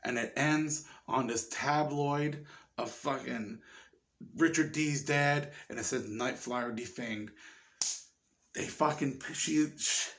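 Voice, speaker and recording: A man's voice: a little high, slow. Just a guy rambling about a horror flick, swears a ton, gets worked up. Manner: profane, rambling and excitable. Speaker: movie reviewer. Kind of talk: casual chat.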